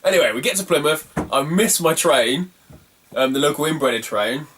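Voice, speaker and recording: A man's voice: a little high, lively intonation, moderate pace, fairly bright tone, far from the mic, slight background noise. A man, telling a rambling, self-mocking travel story in a casual video. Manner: rambling, self-mocking, laughs at his own stories. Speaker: retro game collector vlogger.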